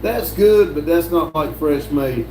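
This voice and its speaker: A man hosting a casual livestream, reading viewer comments aloud slowly and answering them with lots of fillers. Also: a little high, a little mellow. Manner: slow, drawling, reads comments aloud with fillers. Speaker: livestream host reading chat. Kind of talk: casual live chat. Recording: echoey room with faint background noise.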